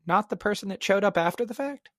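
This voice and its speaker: A man's voice: sits high, lively intonation, fast, no echo, studio quality. A man co-hosting a podcast, giving reflective opinions and playful asides in casual chat. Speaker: podcast co-host.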